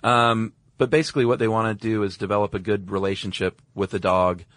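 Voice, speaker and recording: An easygoing man co-hosting a podcast, chatty and quick to agree. His voice is notably low. The recording is close and dry. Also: flat delivery, fairly bright tone, dry recording. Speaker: podcast co-host. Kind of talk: casual chat.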